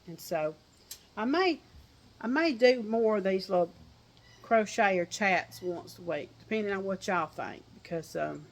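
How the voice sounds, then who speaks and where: A woman's voice: medium pitch, lively intonation, measured pace. An older woman with a Southern accent, chatting folksily to her viewers outdoors on a porch and laughing often. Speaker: crochet vlogger. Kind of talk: casual chat to viewers.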